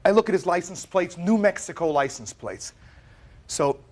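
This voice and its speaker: A man giving animated, emphatic testimony as plaintiff on a televised courtroom set. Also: sits high, normal speed.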